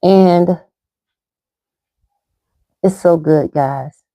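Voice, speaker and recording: A woman's voice: on the low side, extremely slow, warm tone, no echo. A middle-aged woman rambling chattily through a makeup tutorial, talking as she applies it. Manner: rambling, chatty, talks while applying makeup. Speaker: makeup vlogger. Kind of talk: casual makeup tutorial chat.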